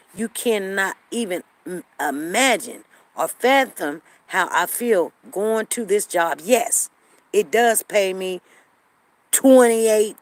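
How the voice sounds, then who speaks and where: A woman hosting a show tells her viewers a story in a chatty way, repeating herself often and acting out other people's lines. Her voice is mid-range, and the recording is rough.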